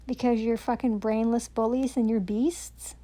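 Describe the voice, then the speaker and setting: Woman, fairly high voice, raging profane rant full of sarcasm. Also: steady tone, normal speed, dark tone. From Canada. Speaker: self-recording vlogger. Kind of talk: angry rant to camera.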